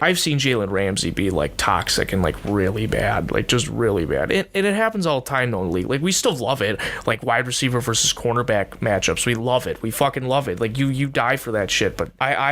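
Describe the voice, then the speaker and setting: A man's voice: medium pitch, a bit bright. A young man hosting a sports podcast, ranting in a heated, profane, rambling way with lots of restarts. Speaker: podcast host. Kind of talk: casual sports rant.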